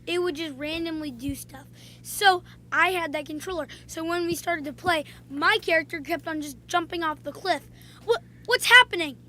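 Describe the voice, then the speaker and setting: A woman talking casually in a vlog, telling playful stories with frequent pauses and "um"s. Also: extremely high pitch, steady tone, bright, forceful tone, a little hiss or hum. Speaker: video creator.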